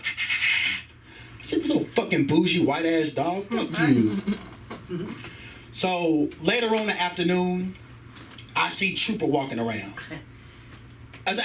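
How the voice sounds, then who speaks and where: A man doing stand-up at an open mic, his voice swinging widely in pitch as he tells a profane story and acts out the people in it. His throat is sore. He sounds distant from the mic in a comedy club, with a little background noise. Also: sing-song, a little slow, long pauses, fairly bright tone.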